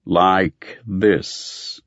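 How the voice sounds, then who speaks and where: A man voicing a very old, towering male master librarian who speaks slowly and gravely in a storybook reading. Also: sits low, fairly even intonation, a bit bright, no echo, heavily acted. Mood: solemn. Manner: slow, grave, intoning. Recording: dry, slightly muffled recording.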